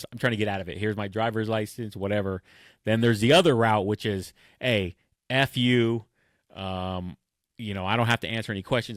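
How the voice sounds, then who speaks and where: Low-voiced man in casual podcast chat. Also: dry recording. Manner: animated storytelling, acts out quoted lines, laughs often. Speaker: podcast co-host.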